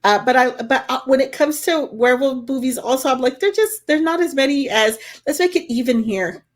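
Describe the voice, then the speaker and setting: A woman co-hosting a podcast in relaxed, casual chat, her voice fairly high. She rambles a little and pokes fun at herself, laughing often. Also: a little fast. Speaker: podcast co-host and editor.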